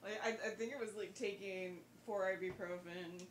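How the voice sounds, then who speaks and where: A woman's voice: medium pitch, steady tone, normal speed, reverberant, a little hiss or hum. A woman joining a game stream, chatting and laughing casually as she rambles through a story. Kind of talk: casual chat.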